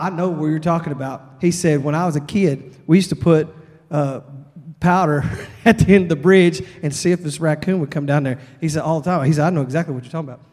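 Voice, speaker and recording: A man from Texas, preaching at a revival and telling a folksy, animated story. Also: a little high. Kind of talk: storytelling sermon. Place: church sanctuary. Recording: long church reverb.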